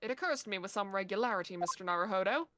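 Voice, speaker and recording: Woman putting on a theatrical gentleman detective. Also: medium pitch, very fast, very noisy, natural voice. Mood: lofty. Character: eccentric, theatrical male detective.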